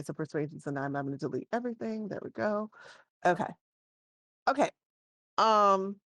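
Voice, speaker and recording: A woman's voice: medium pitch, no echo, clean studio sound. A woman narrating as game master in a tabletop game, chatty and digressive, often correcting herself.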